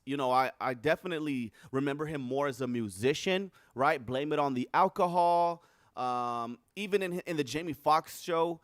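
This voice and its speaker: A young man talking casually on his livestream, rambling and animated, swearing freely as he reacts to the news. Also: mid-range voice, no room sound, studio quality. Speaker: streamer. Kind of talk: casual chat.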